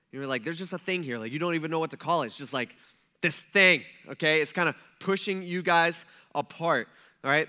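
A man's voice: sits high, sharp tone. A man preaching a sermon to a congregation in a conversational style, with joking asides and frequent check-ins like "okay?" and "right?". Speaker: pastor.

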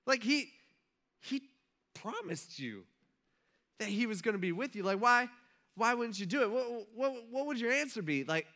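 Man, preacher, casual sermon, high voice, filler-heavy, talks in little acted dialogues. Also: sing-song, moderate pace, pauses often, pushed and bright. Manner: conversational, filler-heavy, often says "like"; acts out imagined dialogues.

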